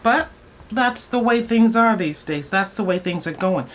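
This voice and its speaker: A woman in her sixties chatting to viewers while doing her makeup, excitable and gushing about her products. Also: mid-range voice, unhurried. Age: 60s. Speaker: beauty vlogger. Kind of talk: get-ready-with-me makeup chat.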